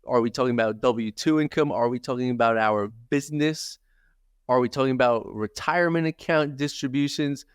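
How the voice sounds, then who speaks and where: A man's voice: mid-range voice, brisk, clear, resonant tone, no room sound, clean studio sound. A man being interviewed as a tax accountant on a podcast, explaining steadily and methodically and listing examples.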